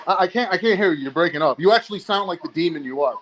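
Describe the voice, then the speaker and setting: A man's voice: high-pitched, expressive, rapid-fire, dull audio, noisy background. A man calling into a live podcast from home, arguing back in a sarcastic, defensive, challenging way. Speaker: guest on call-in. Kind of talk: heated live debate.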